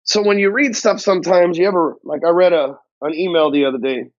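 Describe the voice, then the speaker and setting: A man's voice: fairly high pitch, brisk, no echo. A male business coach giving a blunt, profane motivational talk to camera, full of slang and swearing. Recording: dull, dry lo-fi audio.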